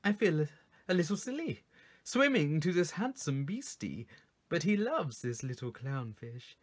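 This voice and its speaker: A man voicing a giddy, vain little clownfish in a bright, lilting voice. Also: on the high side, very animated, unhurried, voice pushed up.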